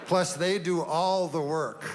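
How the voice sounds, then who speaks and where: Stand-up guy, deadpan, rambly long setups, kinda high voice, echoey hall with a bit of hiss. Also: takes it slowly. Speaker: stand-up comedian. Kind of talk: stand-up routine. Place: comedy stage before a live audience. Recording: long hall reverb, faint noise.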